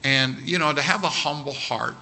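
A man telling an animated story with quoted dialogue during a sermon. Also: on the high side, moderate pace.

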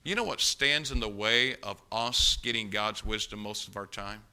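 An older man delivers a sermon as a pastor, with a very bright, sharp tone. He tells plain, folksy stories and then builds to forceful, emphatic preaching. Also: lowish voice, moderate pace, clean tone. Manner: folksy storytelling, rising to loud emphatic preaching.

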